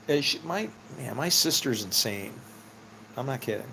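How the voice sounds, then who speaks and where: A man's voice: mid-range voice, animated, normal speed, gravelly, sharp tone, breathy edge. A middle-aged man telling rambling personal stories in a casual, meandering way, laughing often and swearing freely. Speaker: vlogger.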